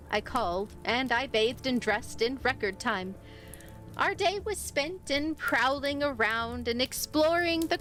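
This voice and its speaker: Woman narrating a spooky story. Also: high-pitched. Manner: expressive, lively voicing of dialogue. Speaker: streamer reading a story. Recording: faint music behind.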